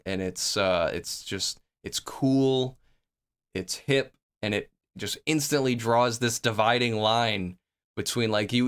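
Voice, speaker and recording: A man with a smooth, clear, mid-pitched voice reacts to songs in loose, eager chatter. He circles back and restarts his sentences as he works out what he thinks. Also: a bit bright. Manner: enthusiastic, thinks aloud with many restarts. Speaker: music reaction host. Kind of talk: casual rambling reaction talk.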